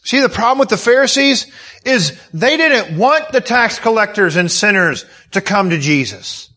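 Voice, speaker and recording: A man's voice: high voice, animated, normal speed, bright, forceful tone. A man preaching a sermon, emotional and full of rhetorical questions. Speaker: pastor.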